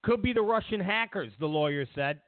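A sarcastic male host delivers a mock-outraged rant, his fairly high voice leaping wildly between shouts and mutters. The sound is thin and phone-like, with no room echo. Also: lively intonation, a little fast. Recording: dry tinny phone-like sound.

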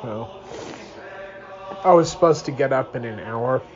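Sleepy man reading aloud, slow. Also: mid-range voice, lo-fi sound, slight background noise. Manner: tired, yawning, rambling asides. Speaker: reader of a religious book. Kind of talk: reading aloud with casual asides. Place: home, early morning.

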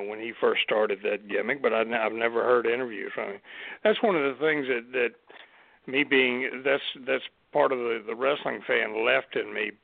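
Gravelly-voiced man on a tinny line. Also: medium pitch, no echo. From Southern United States. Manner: rambling, restarts often, laughs easily. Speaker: co-host. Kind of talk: casual podcast chat.

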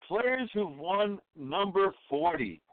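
A man hosting a podcast steers the conversation in a mock-formal, playful manner. His voice sits a little high for a man. The audio is dry and tinny, like a phone line. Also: expressive, slow, no echo. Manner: mock-formal, moderating segments. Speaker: podcast host. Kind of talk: casual chat.

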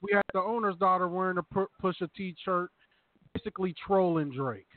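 High-voiced man hosting over a phone-like line. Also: brisk, dry recording. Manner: relaxed, hands the talk around the panel. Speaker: podcast host. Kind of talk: casual sports chat. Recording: tinny phone-like sound.

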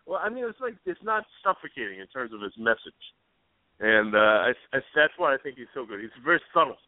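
On a radio show, a male co-host talks casually, wandering off track, hesitating, and filling gaps with filler words. His mid-range voice has a sing-song lilt at a moderate pace. There's no echo, though the audio sounds tinny like a phone.

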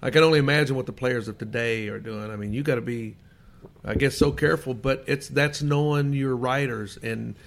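An older man from Kentucky with a gravelly edge to his voice, reminiscing as a guest. He spins folksy stories with chuckles and sits at an ordinary pitch for a man. It is a relaxed, anecdotal talk-show chat. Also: fairly quick. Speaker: guest, former baseball player. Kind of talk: casual storytelling interview.

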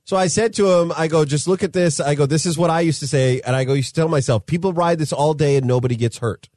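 A man's voice: on the high side, fast, darkish tone, no echo, studio quality. A man co-hosting a podcast, telling a story in casual chat, laughing mid-sentence and acting out what people said. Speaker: podcast co-host.

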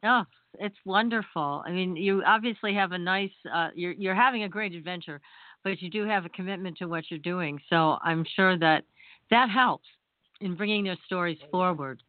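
A woman's voice: lowish voice, moderate pace, no echo. A woman hosting an interview, asking questions and reacting with encouraging exclamations. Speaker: interview host. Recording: dry, tinny phone-line sound.

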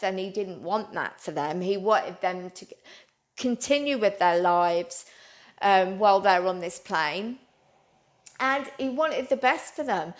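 A woman, a psychic medium, telling a long story in an earnest, rambling way and calling her listeners "guys". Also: mid-range voice. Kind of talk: animated storytelling.

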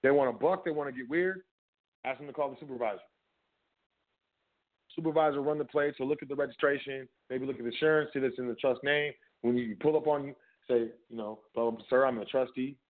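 Man, show host, casual instructional talk, emphatic, mid-pitched voice, tinny phone-like sound. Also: quick pace. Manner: conversational and emphatic, with repeated filler phrases. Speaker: podcast host. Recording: phone-like narrow band audio.

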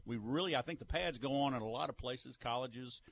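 A man's voice: mid-range voice, a little fast, vocal fry, a bit bright, a little hiss or hum. A man hosting a sports talk radio show, easygoing and self-deprecating.

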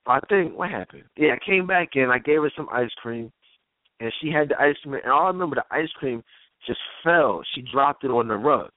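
Talk host, lively pitch swings, phone-line audio, animated storyteller. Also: male voice, brisk, dry recording. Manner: animated, laughs often, acts out quoted voices. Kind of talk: casual storytelling on a live call-in show. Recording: tinny phone-line sound, dry.

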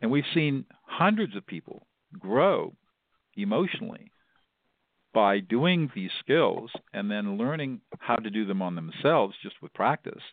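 A middle-aged mediator with a low voice answers interview questions as a guest, speaking earnestly and explaining at an unhurried pace. He is very animated and often repeats words when restarting sentences. The audio is dry and narrow like a phone line, with no room sound.

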